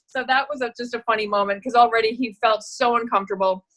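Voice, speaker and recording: A woman's voice: a little high, quick pace, poor audio. A middle-aged woman, an actress, telling candid stories in a casual interview, acting out the voices of others and laughing often. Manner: animated storyteller, acts out quoted voices, laughs often. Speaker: actress and producer, guest.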